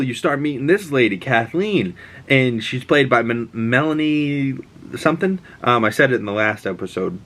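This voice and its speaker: A man's voice: medium pitch, fairly bright tone. Rambling, profane young man recapping a show. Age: 20s. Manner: rambling, profane, enthusiastic with fillers.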